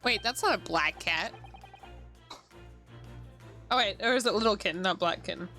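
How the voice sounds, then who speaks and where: A young woman streaming a video game, reading its dialogue aloud and reacting loudly, with exasperated outbursts and swearing. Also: medium pitch, normal speed. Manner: loud exasperated reactions, swearing, frequent laughter. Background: background music.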